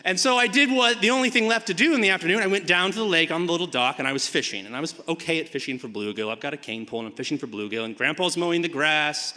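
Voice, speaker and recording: A man telling a personal story on a live stage, animated and rambling with many fillers, swinging from hushed to shouting. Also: on the high side, very fast, few pauses. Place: theater stage before a live audience. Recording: hall reverb from a live stage.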